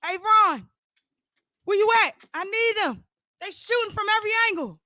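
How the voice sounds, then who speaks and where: Man doing a brash husband, high and pushed, comic story, dry close sound. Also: expressive, measured pace, a bit bright, no room sound, exaggerated voice. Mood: panicked shouting.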